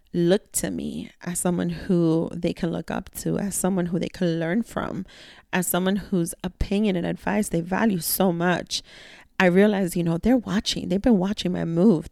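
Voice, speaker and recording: This is a woman talking through a solo podcast episode in a relaxed, heartfelt way, mixing slang and the odd curse. Her voice sits a little low with a gravelly texture. The sound is close and dry. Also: no echo. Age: adult, a mother. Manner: candid, reflective, slangy with profanity. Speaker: podcast host; mentor to young women. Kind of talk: casual solo podcast monologue.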